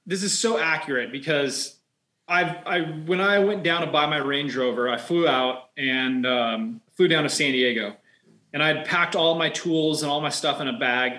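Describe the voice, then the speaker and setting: A man's voice: fairly high pitch, normal speed, sharp tone, roomy sound. A man in casual chat, telling a rambling anecdote with lots of fillers. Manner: reactive, chatty, rambling.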